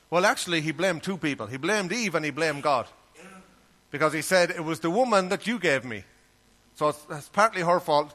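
The voice belongs to a man preaching, pitched fairly high and sounding pushed and bright. He speaks with earnest, conversational warmth and reads Bible verses aloud in King James wording.

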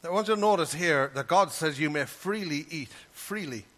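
A man's voice: on the high side, animated, normal speed, a bit bright. A man preaching a sermon, talking earnestly and conversationally and reading scripture aloud. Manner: earnest, conversational, reads scripture in King James wording.

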